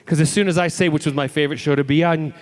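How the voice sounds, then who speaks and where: Brief: male convention guest, animated storyteller, slightly high voice, acts out quotes. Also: racing. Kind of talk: lively anecdotal Q&A storytelling. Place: convention panel room.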